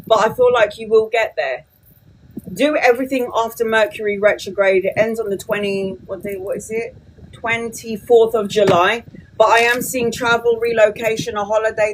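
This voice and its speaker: A woman's voice: on the high side, noisy background. Blunt, sweary tarot reader woman. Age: 40s. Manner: blunt and sweary, quick to vent. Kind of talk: casual live-stream talk.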